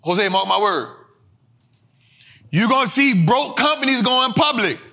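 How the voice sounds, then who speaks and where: A man hosting a street-style finance lesson, talking in slang, repeating his points emphatically and bursting into shouts. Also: very high voice, animated, a little slow. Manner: emphatic and repetitive, drilling points home. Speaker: host.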